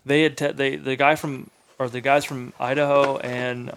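A guy on a podcast spinning a story, casual and animated, cussing a lot and saying "like" constantly. his voice sits in the middle, neither high nor low, and he sounds fired up. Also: moderate pace, vocal fry, background noise. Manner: animated, swears freely, many fillers. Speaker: podcast guest, hunter. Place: in-person recording on a hunting trip.

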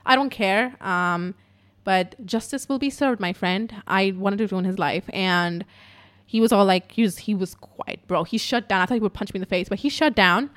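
A young woman telling a story in a casual, profane, animated way at home in her apartment. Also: medium pitch, normal speed.

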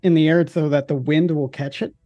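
A man's voice: on the high side, fairly even intonation, a little fast, warm tone, no echo, muffled recording, soft background music. A man playing a tabletop game, playful and a bit theatrical. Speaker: player.

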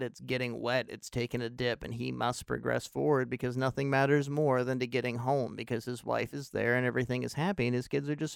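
A man's voice: medium pitch, gravelly, clean tone, no echo, studio quality. A man giving an intense, analytical and sometimes profane monologue about a film, in video-essay style. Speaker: film commentator.

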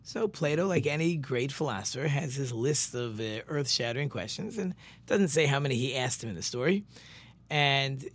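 A religious teacher retells a religious story as an informal Torah lesson, rambling and pausing to correct himself. His mid-range voice is animated, fairly bright, and slightly rough, and he slows right down to press on the words that matter.

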